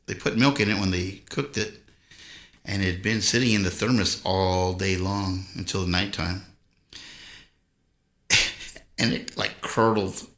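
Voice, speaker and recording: Laid-back male streamer from Southern California, bright voice, slow relaxed talk, roomy echo. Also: deep voice. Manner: easygoing storytelling, chuckles often. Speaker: live stream host reading viewer chat. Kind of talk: casual rambling chat with viewers.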